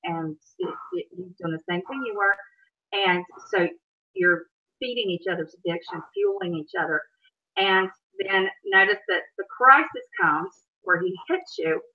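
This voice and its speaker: A woman hosting a live stream, calmly explaining and coaching her guest. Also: medium pitch, phone-quality sound. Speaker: stream host and counselor. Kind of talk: educational live-stream talk.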